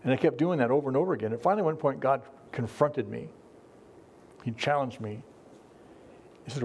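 A man's voice: medium pitch, fairly quick, pauses often, a little hiss or hum. A middle-aged man preaching a sermon to his congregation in an earnest, conversational way, often restarting his sentences. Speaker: pastor.

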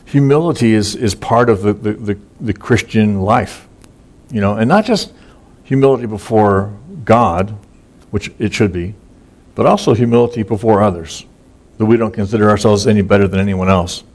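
A pastor gives a conversational sermon of Bible teaching, casual and folksy, full of fillers and repeated words. His voice is fairly low with a darkish tone, at a moderate pace.

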